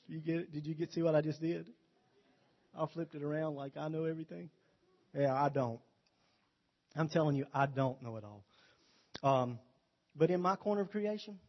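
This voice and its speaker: Folksy man preaching a sermon. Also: fairly high pitch. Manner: folksy, joking storyteller. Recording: dull lo-fi recording.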